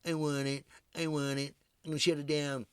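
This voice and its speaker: A man's voice: a little high, little pitch movement, a little fast, smooth, dry recording, clean studio sound, natural voice. A man doing a childish impression of a demanding male politician who repeats himself like a sulking child. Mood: petulant. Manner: childish, repetitive chanting.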